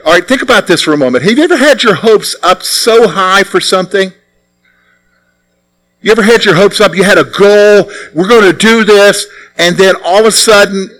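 A man preaching a sermon in an animated, conversational way, often putting rhetorical questions to his listeners. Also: high-pitched, poor audio.

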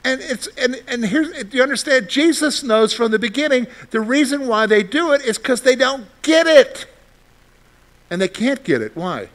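High-voiced preaching man, animated. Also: normal speed. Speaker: pastor. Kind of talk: sermon.

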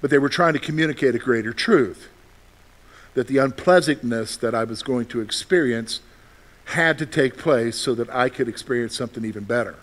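A man of medium pitch delivers a sermon at a moderate pace. As pastor, he asks and then answers his own rhetorical questions, alternating between loud emphasis and soft, confiding remarks to the congregation.

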